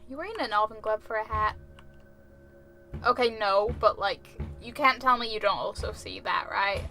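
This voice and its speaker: A woman's voice: mid-range voice, moderate pace, bright, forceful tone, faint music behind. A woman streamer giving casual, jokey gameplay commentary, chatty, swearing freely and laughing often.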